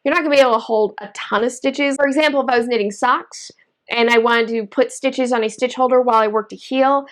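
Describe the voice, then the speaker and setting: A woman's voice: on the high side, fairly even intonation, quick pace, fairly bright tone. A woman hosting a knitting video, chatting casually while she demonstrates, enthusiastic and gushing with frequent exclamations.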